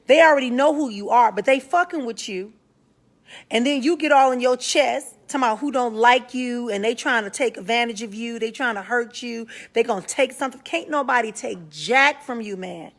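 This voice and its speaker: A woman's voice: a little high, fairly quick. Frank, slangy woman hosting a live talk. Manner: frank, slangy, greets viewers by name mid-sentence. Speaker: spiritual talk show host. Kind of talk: casual live-stream talk to viewers.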